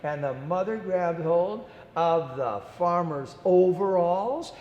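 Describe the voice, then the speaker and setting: Playful male storyteller for small kids, high lively voice, unhurried, boomy reverberant room. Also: highs cut off. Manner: animated, acts out the story with playful character voices. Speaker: children's storytime presenter. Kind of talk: storytelling to young children. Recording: echoey room with long reverb.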